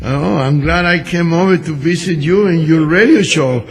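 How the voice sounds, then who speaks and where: A man with a fairly high voice drops in as a guest on a talk radio show. He chats and jokes loosely, often dropping grammar as he goes. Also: moderate pace. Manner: chatty, joking, loose grammar. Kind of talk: casual political talk radio.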